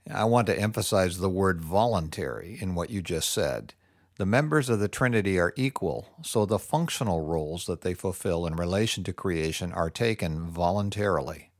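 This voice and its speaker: A man co-hosting a Bible discussion, speaking deliberately and summarizing points. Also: low-pitched, dry recording, clean studio sound. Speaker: co-host. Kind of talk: scripted theological dialogue.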